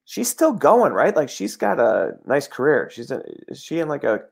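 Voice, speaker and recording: A man, an actor chatting in a loose, halting way, often stopping to search for words. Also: mid-range voice, big pitch swings, creaky, slightly rough. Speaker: actor and podcast guest. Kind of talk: casual comedic chat.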